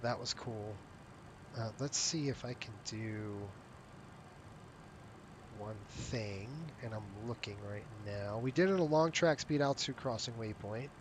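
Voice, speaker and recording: A man with a medium-pitched voice chats casually with viewers while streaming a flight sim for his virtual airline, rambling, cutting himself off, and yawning from tiredness. He speaks at a measured pace against a noisy background.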